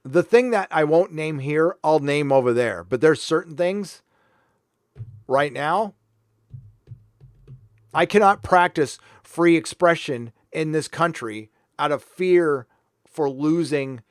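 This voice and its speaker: A man's voice: a little high, slow pace, pauses often, clean tone, no echo, studio quality. Sarcastic man hosting a livestream. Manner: sarcastic, mock-earnest. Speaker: host reading viewer donations. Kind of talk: casual livestream chat.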